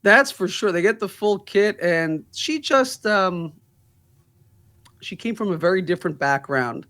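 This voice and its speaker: A man's voice: sits high, lively intonation, unhurried, bright, forceful tone. A man, a law firm's managing partner, telling stories in a casual interview, laughing through the funny parts.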